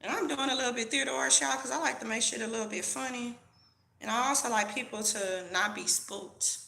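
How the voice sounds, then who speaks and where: A woman's voice: on the high side, fairly quick, creaky, pushed and bright, roomy sound. A woman vlogger delivering a profane, preachy, heated rant straight to her camera. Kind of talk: ranting commentary to camera.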